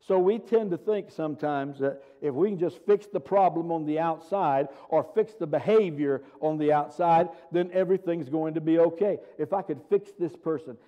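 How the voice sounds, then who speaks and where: Emphatic preacher in a reverberant church. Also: male voice, on the high side, normal speed, hardly any pauses. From United States. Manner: emphatic, rhetorical questions, reads scripture aloud. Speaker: pastor. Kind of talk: sermon. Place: church sanctuary. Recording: dull sound with long church reverb.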